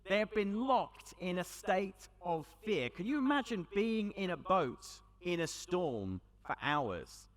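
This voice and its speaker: A man with a British accent giving a storytelling talk to a young audience at an event, conversational with dramatic pauses. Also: high-pitched, sing-song. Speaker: youth event speaker. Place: large hall with audience. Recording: long hall reverb.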